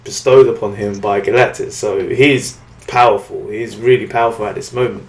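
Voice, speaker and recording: A British man recapping a comic book in casual chat, with lots of fillers, restarts and quick acted-out quotes. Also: lowish voice, steady tone, reverberant. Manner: rambling recap with many fillers and restarts, acting out lines in quotes. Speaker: podcast co-host reviewing comics.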